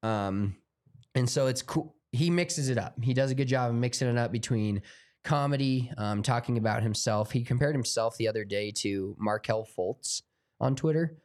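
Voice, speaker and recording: An American man co-hosting a podcast in casual chat, relaxed and rambling with lots of fillers. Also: mid-range voice, moderate pace. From United States. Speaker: podcast co-host.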